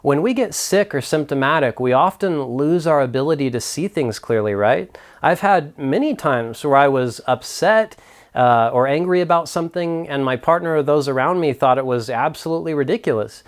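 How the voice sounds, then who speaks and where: A man's voice: on the high side, lively intonation, moderate pace. A man hosting a mental health video, narrating a story and reflecting earnestly in a scripted delivery.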